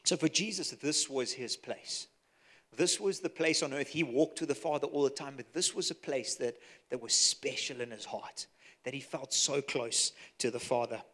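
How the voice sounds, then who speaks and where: Zimbabwean guy preaching, earnest storytelling sermon, goes soft and hushed to make a point. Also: mid-range voice, normal speed. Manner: earnest, storytelling, drops to a soft hush for emphasis. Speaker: pastor.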